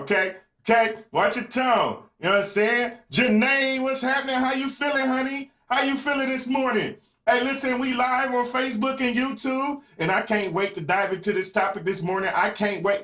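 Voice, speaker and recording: A man's voice: very high voice, fairly even intonation, normal speed, hardly any pauses, bright, forceful tone. A man hosting a live podcast who talks straight to viewers in the chat and repeats his phrases for emphasis. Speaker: podcast host. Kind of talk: live-streamed podcast monologue. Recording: echoey room.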